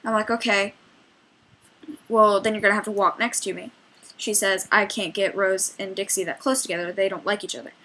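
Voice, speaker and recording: A young woman with a bright, clear-toned voice tells a long story in a casual, rambling way. She keeps quoting herself and others as she goes. Her pitch sits in an ordinary middle range. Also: steady tone, fairly quick, a little hiss or hum, rough recording. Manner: chatty, rambling retelling with many quoted exchanges. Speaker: trail guide. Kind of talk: storytelling vlog.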